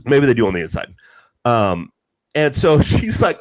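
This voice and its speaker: A man's voice: medium pitch, big pitch swings, moderate pace, a little hiss or hum, low-quality recording. A man on a podcast telling a long everyday story, with frequent restarts and fillers. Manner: rambling storyteller, many restarts. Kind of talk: casual chat.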